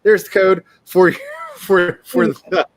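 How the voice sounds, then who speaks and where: A man's voice: high-pitched, wildly swooping pitch, takes it slowly, creaky, dry recording. A man in his forties chatting casually on a livestream, rambling along, reading his chat and laughing often. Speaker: livestream host, writer.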